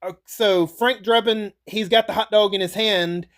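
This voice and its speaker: A man's voice: high voice, steady tone, normal speed, a bit bright. A man casually recapping and ranking movies for his channel in a rambling, chatty way, laughing and swearing as he goes. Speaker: YouTuber reviewing movies.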